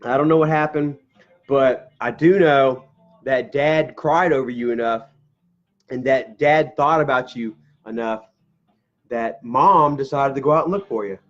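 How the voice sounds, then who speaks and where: A man's voice: mid-range voice, measured pace. A middle-aged man, telling a family story straight to camera at home, rambling, swearing casually and laughing through tears. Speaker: vlogger. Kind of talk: emotional personal storytelling to camera. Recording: dull lo-fi camera audio.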